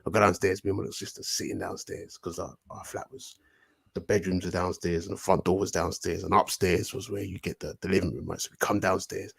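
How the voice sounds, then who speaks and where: A British man, telling animated, slangy stories as a guest in a casual chat. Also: sits low, brisk, vocal fry, slightly rough. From United Kingdom. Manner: animated, swearing, slangy storyteller. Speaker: podcast guest.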